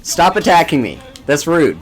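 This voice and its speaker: A man's voice: fairly high pitch, very animated, normal speed. A man hosting a game stream, chatting casually and laughing often as he plays. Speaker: streamer host. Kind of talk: casual gaming chat.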